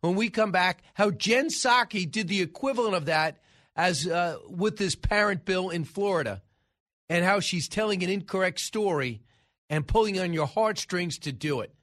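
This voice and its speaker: A man's voice: sits high, lively intonation, moderate pace, fairly bright tone. A man hosting a talk radio show, giving emphatic, scoffing political commentary into a studio microphone. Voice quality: emphatic, scoffing, frequent uh fillers.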